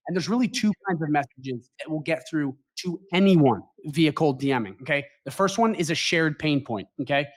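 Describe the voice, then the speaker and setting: A man's voice: fairly high pitch, animated, moderate pace, few pauses. A man as the guest expert, explaining emphatically and checking in with "okay?" as he goes. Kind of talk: casual explanation.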